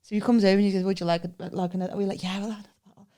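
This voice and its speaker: A woman with a mid-range, racing voice co-hosts a podcast, telling funny stories in casual chat and doing lively, animated impressions of the people in them.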